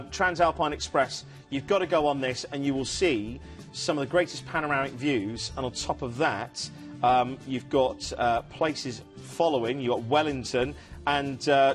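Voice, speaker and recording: A man presenting a TV cruise sales show, chatting enthusiastically and rambling with fillers. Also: mid-range voice. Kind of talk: casual studio sales chat. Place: TV studio.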